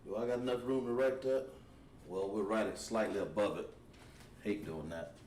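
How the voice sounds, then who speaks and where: Guy teaching a class, halting, thinking out loud, mic far off in an echoey room. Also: lowish voice. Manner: halting, thinks aloud while writing on a board. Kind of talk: classroom language lesson. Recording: echoey room, mic at a distance, faint noise.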